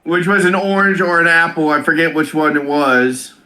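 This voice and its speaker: A man co-hosting a casual review chat, recounting events hesitantly with many pauses and fillers. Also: a little high, pushed and bright. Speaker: co-host reviewing wrestling.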